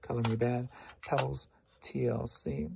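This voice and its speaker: A man's voice: medium pitch, steady tone, unhurried, gravelly, background noise. A tired man rambling through a casual solo vlog about his sales, teasing himself and laughing to himself. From St. Louis, Missouri. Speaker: reseller vlogger.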